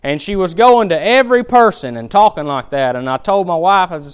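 Animated, clear-voiced male preacher. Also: high-pitched, brisk. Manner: folksy, animated storytelling, emphatic. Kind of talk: sermon.

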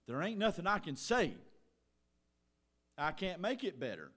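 A middle-aged man preaching a sermon in church, folksy and earnest, swinging from loud exhortation to quiet asides. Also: high voice, big pitch swings, measured pace. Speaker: pastor.

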